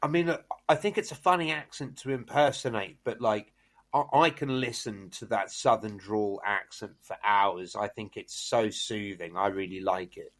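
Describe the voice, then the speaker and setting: A man's voice: lowish voice, normal speed. Chatty male podcast host. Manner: animated, many fillers and restarts. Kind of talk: casual chat retelling a film plot.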